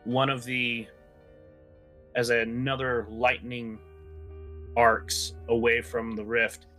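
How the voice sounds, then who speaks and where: A man's voice: medium pitch, little pitch movement, slow, pushed and bright, soft background music. A man narrating a tabletop game as game master, casual and drawling, with fillers and swearing.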